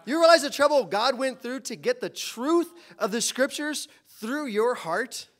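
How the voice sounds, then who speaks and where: A man's voice: extremely high pitch, animated, unhurried, fairly bright tone. A man preaching a sermon as pastor, impassioned and full of rhetorical questions.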